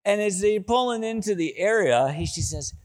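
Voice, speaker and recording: A middle-aged male pastor tells stories during his sermon at a moderate pace. His delivery jumps between loud, excited bursts and soft, low asides.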